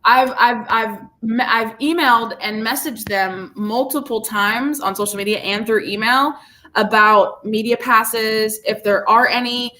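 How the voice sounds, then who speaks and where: Bright, bubbly woman podcast co-host. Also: a little high, measured pace. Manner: bubbly and gushing, repeats herself when excited. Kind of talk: casual chat.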